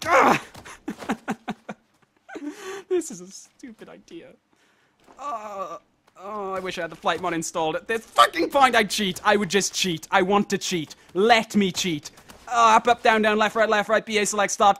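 Young male let's player, high and piercing, exasperated and foul-mouthed, talking to himself. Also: lively intonation, moderate pace, bright, forceful tone. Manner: frustrated, swears constantly, talks to himself. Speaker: let's play host. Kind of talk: let's play commentary. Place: at home at his computer.

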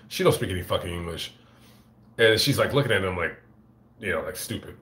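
A man telling a rambling, profane story on a casual live stream, recorded on a phone in a fast-food restaurant. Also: low voice, reverberant. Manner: rambling, profane, animated retelling. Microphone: phone camera.

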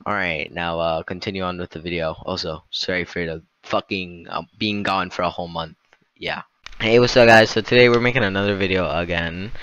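A man's voice: deep voice, fairly even intonation, a little fast, sharp tone, no room sound, muffled recording. A young man casually reacting to a video, swearing constantly and mocking what he watches. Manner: profane, mocking, jokey.

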